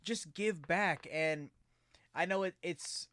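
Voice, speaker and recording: Male podcast host, thirties, high voice, earnest, dry close sound. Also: takes it slowly, fairly bright tone, clear, resonant tone, no room sound. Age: 30s. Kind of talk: casual podcast chat.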